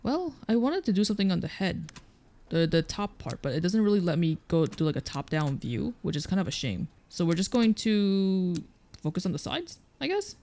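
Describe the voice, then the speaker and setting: A let's play streamer giving casual, rambling commentary while playing a painting game. They talk in a low-energy, mumbling way and fill their talk with "like". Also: very animated, normal speed, mellow.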